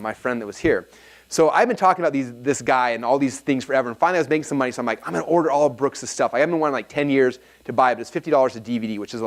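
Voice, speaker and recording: A man leading a live workshop seminar, telling stories energetically and checking in with his audience. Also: mid-range voice. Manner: energetic, animated storyteller, often checks in with the audience. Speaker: workshop speaker. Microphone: filmed talk.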